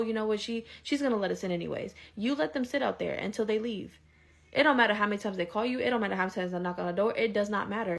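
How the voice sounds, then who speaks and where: A woman's voice: mid-range voice, vocal fry. A woman giving a blunt, heated monologue to her viewers, speaking her mind. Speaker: vlogger. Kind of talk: opinionated monologue to camera.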